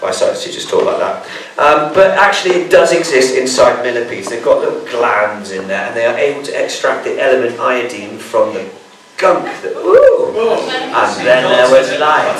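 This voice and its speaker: This man's mid-range voice is expressive and moderately paced as he banters playfully through a live bug show in a school hall packed with an audience. The mic sits far away, so the room echoes and the background is noisy.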